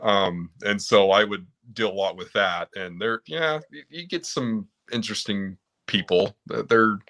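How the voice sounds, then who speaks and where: A man's voice: fairly low pitch, measured pace, sharp tone. A man, a mobile car technician, chatting casually and telling work stories where he acts out both himself and his customers. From Utah. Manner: storytelling, acts out both sides of customer exchanges. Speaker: mobile automotive technician, guest. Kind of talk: casual chat.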